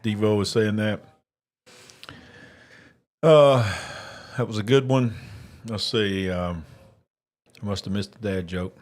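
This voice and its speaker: A man's voice: fairly low pitch, steady tone, slow pace, long pauses, darkish tone. A man hosting a casual live election-night stream, chatting and eating while he reads viewer comments. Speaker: livestream host.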